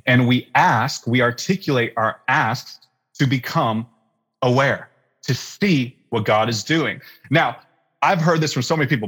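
A man in his thirties, a pastor, telling a personal faith story in a relaxed interview and acting out the lines he quotes. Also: mid-range voice, unhurried, slightly rough. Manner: animated storyteller with fillers, acts out quoted lines. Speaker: pastor guest. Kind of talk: conversational storytelling in a podcast interview.

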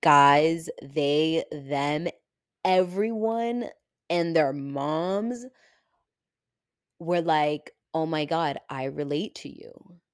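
A woman's voice: low voice, drawn-out words, no room sound, clean studio sound. A young woman hosting her own podcast, talking casually and animatedly, full of "like" fillers and swearing, getting emotional. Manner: animated, chatty, heavy use of "like" and swearing. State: getting emotional, near tears. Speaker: podcast host. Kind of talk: casual solo podcast monologue.

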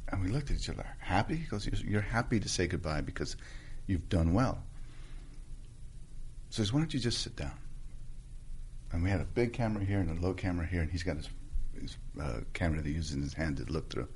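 Animated man telling stories. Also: fast, a little hiss or hum. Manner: animated storyteller, acts out quotes in a high voice. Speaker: actor. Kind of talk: casual chat.

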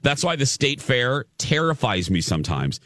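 A man's voice: medium pitch, sing-song, normal speed, fairly bright tone, no room sound, studio quality. A man hosting a morning radio show, chatting casually, self-deprecating and stumbling over his words. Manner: self-deprecating, laughs often, stammers and restarts. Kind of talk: casual on-air banter. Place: radio studio. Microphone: studio microphone.

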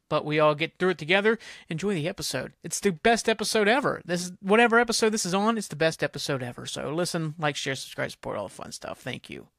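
A man hosting his own podcast from home, chatting casually in a rambling, excitable way, swearing freely and sounding tired. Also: fairly high pitch, no echo. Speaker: podcast host. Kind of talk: casual solo podcast chat.

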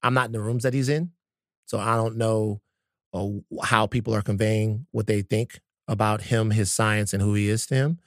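A man's voice: on the low side, steady tone, normal speed, no echo, studio quality. Man talking casually, with fillers and restarts. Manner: conversational, stop-start with many fillers and restarts. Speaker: podcast co-host. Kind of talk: casual podcast chat.

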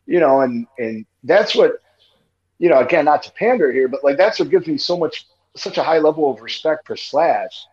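A man's voice: fairly high pitch, expressive, normal speed, darkish tone, muffled recording. A man co-hosting a podcast in casual chat, rambling with lots of fillers. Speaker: podcast co-host.

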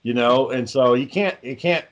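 A podcast host who also makes indie films chats in a laid-back, casual way, swearing constantly. His voice is medium-pitched at normal speed, and the recording is muffled.

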